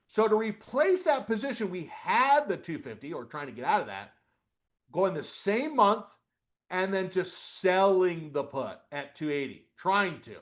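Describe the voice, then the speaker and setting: Middle-aged male webinar coach, high-pitched, lively, walks through a screen while quizzing the audience. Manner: animated, repeats "okay?" and asks questions out loud. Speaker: trading coach. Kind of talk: live webinar instruction.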